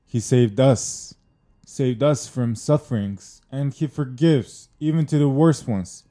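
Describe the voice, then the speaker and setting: A man's voice: mid-range voice, warm tone, lightly acted. A man playing a stern, formal interrogator. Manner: formal, measured questioning. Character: stern male interrogator, officious and persistent. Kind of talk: audio drama acting.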